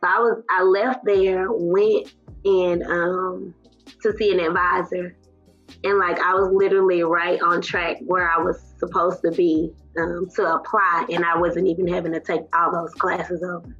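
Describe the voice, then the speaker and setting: A woman's voice: fairly low pitch, flat delivery, a little slow, a bit bright, slightly rough. A woman telling a personal story in a casual interview, chatty and emotional, with lots of fillers. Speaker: guest. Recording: muffled lo-fi audio with faint music.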